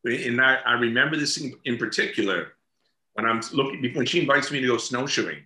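Guy chatting about acting, laughs a lot, super bright tone, roomy echo. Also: medium pitch, a little fast. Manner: chatty, laughs while telling stories. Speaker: actor guest. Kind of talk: casual interview chat.

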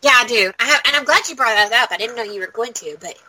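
A woman's voice: fairly high pitch, lively intonation, fast talker, a crowd in the background, poor audio. A woman co-hosting a podcast in casual chat, rambling along with constant "like" fillers. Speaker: podcast co-host.

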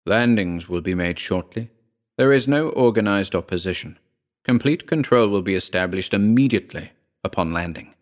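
A man's voice: on the low side, expressive, normal speed, natural voice. A man reading a story aloud and voicing an alien broadcaster in a droning, penetrating sing-song.

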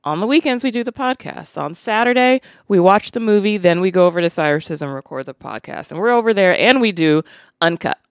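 A woman's voice: on the low side, lively intonation, brisk, no room sound, clean studio sound. A woman in her late thirties co-hosting a casual podcast, talking earnestly and hesitantly. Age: 30s. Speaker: podcast co-host. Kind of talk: casual chat.

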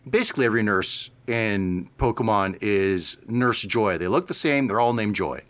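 A man's voice: on the low side, expressive, moderate pace, a bit bright. A man co-hosting a podcast, explaining things in casual chat and laughing easily. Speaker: podcast co-host.

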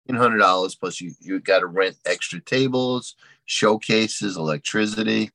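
A man's voice: fairly low pitch, normal speed, creaky, sharp tone, no room sound. A man, a guest on an interview show, answering in a plainspoken, matter-of-fact way. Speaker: guest, card dealer. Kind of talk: casual interview chat.

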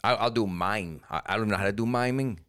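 A middle-aged man, a comedian and podcast co-host, chatting casually and jumping into silly high voices when he tells a story. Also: brisk, smooth, no room sound, studio quality. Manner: animated storyteller who jumps into silly high voices for quotes.

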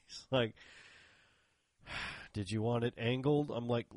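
A man's voice: lowish voice, slow pace, long pauses, a little mellow, dry recording. A man in casual chat who tells long rambling stories, acts out the other people's lines and laughs often.

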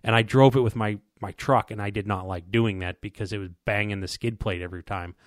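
Rambling low-voiced man telling a story. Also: steady tone, brisk, no room sound, studio quality. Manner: rambling, repeats words, quotes people in dialogue. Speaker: podcast co-host telling a hunting story. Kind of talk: casual storytelling chat.

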